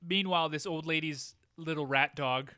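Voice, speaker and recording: A man's voice: on the high side, normal speed, pushed and bright, clean tone, no echo, clean studio sound. A man co-hosting a podcast, joking casually as he recaps an old TV episode. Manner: joking, playful, acts out quotes. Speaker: podcast co-host.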